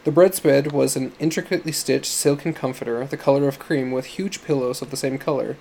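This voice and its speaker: A man narrating an audiobook story in a measured storytelling manner. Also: medium pitch, fairly even intonation, creaky, a little mellow, slight background noise.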